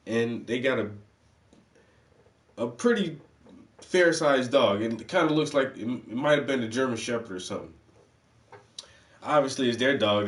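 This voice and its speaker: Profane, rambling man in an echoey room. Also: fairly low pitch. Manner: profane, rambling, heavy use of "like". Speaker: channel host. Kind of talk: casual storytelling rant. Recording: roomy, distant from the mic.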